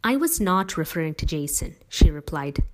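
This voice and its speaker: A woman voicing a devoted middle-aged mother who speaks emphatically and persuasively, with gentle teasing. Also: deep voice, sing-song, moderate pace.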